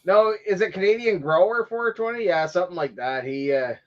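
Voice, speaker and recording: A man's voice: high voice, lively intonation, brisk, a bit bright. A man hosting a casual chat show, telling rambling stories and breaking into laughter often. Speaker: podcast host. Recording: dull lo-fi livestream audio.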